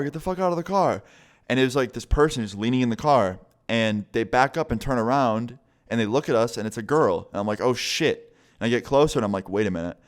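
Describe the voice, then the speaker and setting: A young man casually telling a story to camera, animated and swearing often, acting out what people said. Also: on the low side. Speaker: vlogger.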